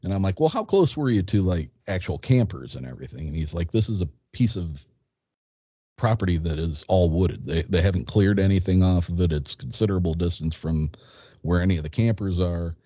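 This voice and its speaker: A man in his fifties with a low, mellow voice tells a story at his own unhurried pace, acting out dialogue and often restarting his sentences. The sound is dry and dull, a bit lo-fi. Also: dry recording. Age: 50s. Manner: rambling anecdote, quotes dialogue, hesitant restarts. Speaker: guest. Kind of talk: casual storytelling.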